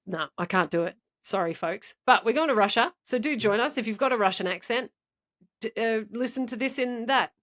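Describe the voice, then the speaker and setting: Speaking briskly in a slightly high, somewhat bright voice, this woman co-hosts a casual podcast. She meanders through a story in a talkative manner and laughs frequently.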